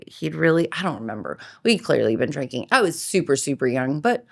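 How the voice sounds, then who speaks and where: Lively, laughing woman podcast host. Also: sits low, brisk, vocal fry, hardly any pauses. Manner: animated storytelling, frequent laughter. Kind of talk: casual chat.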